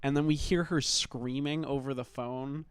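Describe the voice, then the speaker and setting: A man giving a rambling, emotional recap of a film, halting often, swearing and sighing as he talks. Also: medium pitch, fairly even intonation, clear, resonant tone, dry recording. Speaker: film commentator.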